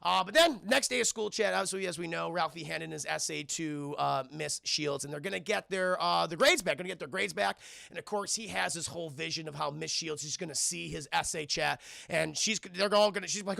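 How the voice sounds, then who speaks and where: A man's voice: fairly high pitch, quick pace, gravelly, few pauses, sharp tone, no room sound, studio quality. A man streaming a scene-by-scene film recap, rambling and swearing while constantly addressing his chat.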